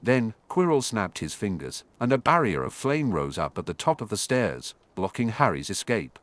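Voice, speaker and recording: A man reads an audiobook as scripted narration, telling the story with animation. His voice is low and moves in lively swings. The sound is dry and close. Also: normal speed, few pauses, dry recording.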